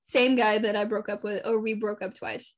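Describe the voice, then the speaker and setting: A young woman co-hosting a podcast, telling a story in casual chat, animated, swearing and laughing often. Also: medium pitch, moderate pace. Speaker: podcast co-host.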